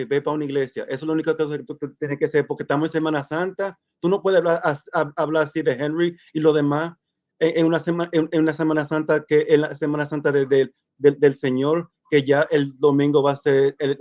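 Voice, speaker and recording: A man rants at a streamer, angry and stammering, repeating words as he goes. His voice sits a little high. The call audio is muffled and lo-fi. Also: steady tone, fast, a little mellow. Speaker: guest caller. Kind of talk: heated rant to a streamer.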